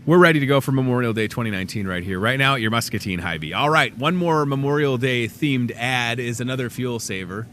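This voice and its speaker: A man's voice: medium pitch, expressive, fast, few pauses, fairly bright tone, a little hiss or hum. A man hosting a casual store talk show, running through weekly deals with goofy, self-mocking chatter. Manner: goofy and chatty, jokes at himself.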